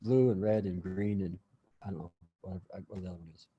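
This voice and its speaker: A man's voice: low-pitched, fairly quick, warm tone, slightly rough, in a large hall, muffled recording. A man teaching a class in a casual, rambling way, full of restarts and asides.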